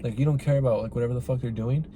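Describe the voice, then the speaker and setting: A man's voice: medium pitch, fairly even intonation, racing, warm tone, slight background noise. A man hosting a podcast, giving a casual, rambling film review full of swearing and "like" and "right?". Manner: rambling and profane, heavy use of "like" and "right?".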